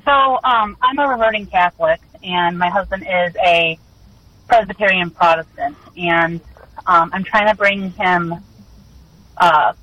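A woman calling in to a radio show, putting her question hesitantly with many pauses and fillers. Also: on the low side, a bit bright, no room sound, muffled recording. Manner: hesitant, full of ums and likes. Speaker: caller.

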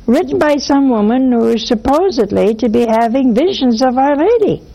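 A woman hosting a call-in show as a nun, teaching with animated little acted-out dialogues and blunt warnings. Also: high voice, moderate pace, poor audio. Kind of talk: spiritual teaching and call-in talk.

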